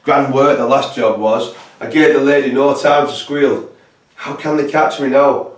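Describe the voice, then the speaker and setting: A man's voice: mid-range voice, steady tone, a little slow, natural voice. A man reading out a gleeful, menacing Victorian killer's taunting letter in a put-on Scottish accent. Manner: mocking, taunting. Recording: roomy echo from a distant mic.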